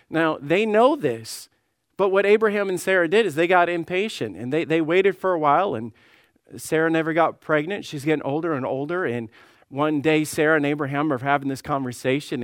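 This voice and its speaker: A lead pastor with a high voice, recorded cleanly in a studio without echo, reads scripture aloud in old-style wording. He repeats words when pressing a point and voices God and Sarah in quoted lines.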